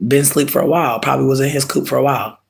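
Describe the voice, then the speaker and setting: A man chatting casually with viewers, ranting in an animated, emphatic, comic way and often stretching words slowly for effect. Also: medium pitch, gravelly. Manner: profane, drawn-out slow emphasis. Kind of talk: casual chat.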